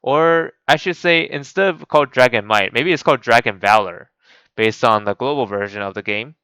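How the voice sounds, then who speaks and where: A man's voice: mid-range voice, moderate pace, sharp tone, smooth, dry recording, rough recording. A man hosting a gaming channel, giving casual game commentary and rambling with many restarts and fillers. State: voice cracking.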